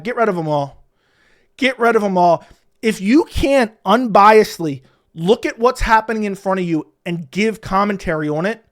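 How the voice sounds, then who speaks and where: High-pitched guy ranting hard about fight commentary, heated and fast. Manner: heated, ranting, mocks others in whiny voices. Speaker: MMA commentator. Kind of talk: opinionated solo commentary.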